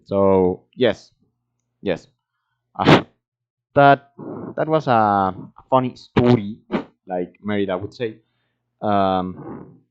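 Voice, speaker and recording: A Spanish-speaking man who vlogs about learning languages talks slowly in a low voice, halting often and filling gaps as he searches for words. It's a casual solo monologue captured in a dull, lo-fi home recording.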